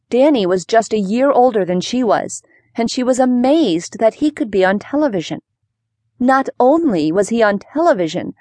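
A woman narrating a children's mystery audiobook in clear, even storytelling. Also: a little high, dry recording.

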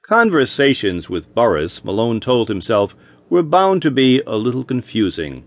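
A man's voice: medium pitch, moderate pace, no room sound. Man narrating a wry audiobook. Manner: wry, expressive storytelling.

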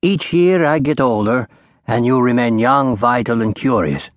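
A man voicing a frail, elderly male law professor who speaks in a soft, sing-song voice. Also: medium pitch, expressive, measured pace, no room sound, studio quality, natural voice. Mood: musing. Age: older.

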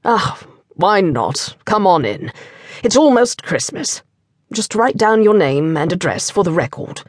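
Brusque doorman, grumbles then softens; woman narrator voicing. Husky, close and dry. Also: lowish voice, big pitch swings, measured pace, dry recording. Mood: gruff. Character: middle-aged male stage doorman, gruff but kindly.

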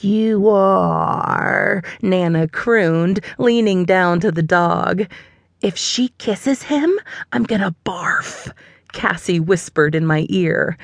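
A woman's voice: fairly low pitch, no echo, clean studio sound. A woman reading a first-person audiobook with a wry, lightly amused storytelling manner. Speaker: audiobook narrator.

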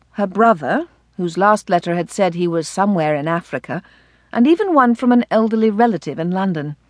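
Woman narrating an audiobook, lively pitch. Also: no room sound, studio quality. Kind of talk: scripted narration.

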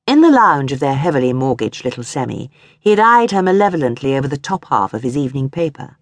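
A woman reads a short story aloud in an expressive storytelling manner. Her voice sits low yet moves through a wide, lively range of pitch. The recording is dry and close, as in a studio booth. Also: fast talker, no echo. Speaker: audiobook narrator. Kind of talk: scripted narration.

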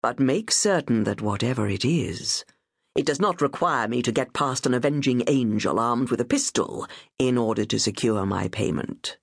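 A woman narrating an audiobook voices a sinister, amused male aristocrat with a mellifluous voice and a soft, mocking drawl. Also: rumbling low, expressive, normal speed, breathy edge, no echo, studio quality, exaggerated voice. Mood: silkily menacing. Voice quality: mellifluous, silky. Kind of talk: audiobook character voice.

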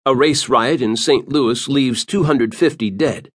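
A man narrating an audiobook with a dramatic, expressive reading. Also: medium pitch, a little slow, no room sound, studio quality.

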